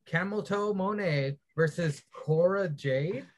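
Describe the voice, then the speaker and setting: A man co-hosting a podcast, giving a brisk, crude, matter-of-fact recap of a wrestling show. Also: high voice. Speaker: podcast co-host.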